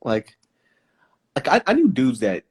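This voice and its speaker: A man's voice: medium pitch, wildly swooping pitch, unhurried, a little mellow, breathy edge. A man chatting casually as a guest on a live stream, laid-back, joking and swearing a lot. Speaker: comedian guest. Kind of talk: casual chat. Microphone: phone on a live stream.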